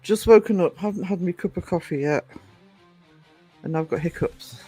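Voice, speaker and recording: A man's voice: high-pitched, moderate pace, warm tone, breathy edge, no echo, soft background music. A man hosting a casual livestream, rambling and greeting viewers by name as he chats. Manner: rambling, chatty, self-interrupting. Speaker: livestream host.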